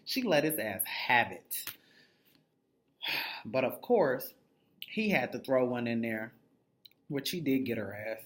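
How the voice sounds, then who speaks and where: A man's voice: medium pitch, expressive, slow pace, long pauses, fairly bright tone. A man giving a casual, profanity-heavy recap of a reality show episode, blunt and gossipy, slipping into the voices of the people he describes. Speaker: TV recap reviewer.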